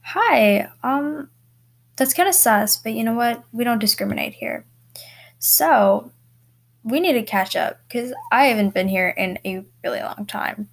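A teenage girl talks into a home microphone, hosting a solo podcast. Her voice sits a little high, and she rambles through casual chat full of fillers and quick laughs. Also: lively intonation, creaky. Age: teens. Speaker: podcast host. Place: bedroom at home.

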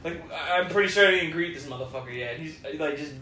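A young man telling stories in a casual podcast chat, profane and animated. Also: a little high, quick pace, distant mic, a crowd in the background. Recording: echoey room, voice a bit off-mic, faint noise.

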